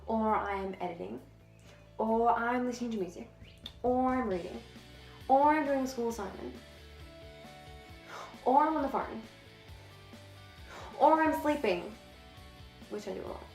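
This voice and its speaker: A woman's voice: a little high, unhurried, pauses often, a little mellow, faint music behind. A teenage girl vlogging to camera in a casual, chatty way, slightly out of breath, swearing freely and laughing often. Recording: echoey room.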